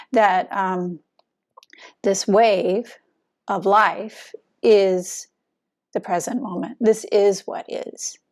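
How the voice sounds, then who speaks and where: A woman Zen teacher offers a dharma talk in an unhurried, gentle way. Her voice carries a gravelly, creaky texture, and she leaves long pauses. Many phrases drop to a soft, breathy near-whisper. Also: medium pitch. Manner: slow, gentle, soft-spoken with frequent pauses.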